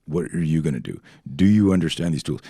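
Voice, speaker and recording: A middle-aged man from Canada, a self-defense instructor telling stories as a podcast guest, animated and swearing freely while acting out quoted dialogue. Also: rumbling low, fast talker, husky, no echo, clean studio sound. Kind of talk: podcast interview storytelling.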